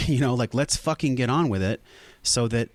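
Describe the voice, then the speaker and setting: A man's voice: mid-range voice, normal speed, no echo. A man speaking as a podcast guest, earnest and intense, swearing for emphasis in emotional conversation.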